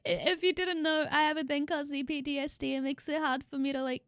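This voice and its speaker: Very high-voiced gushing streamer woman. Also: flat delivery, fast, fairly bright tone, no room sound, clean studio sound. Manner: effusive, gushing thanks, casual swearing. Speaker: VTuber streamer. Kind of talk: casual live-stream chat with viewers.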